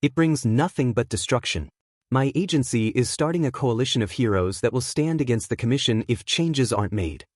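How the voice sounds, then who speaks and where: A man's voice: medium pitch, lively intonation, brisk, a little mellow, no room sound, studio quality, close to an everyday voice. A man reading the firm, declaratory speech of a commanding hero leader. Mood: defiant.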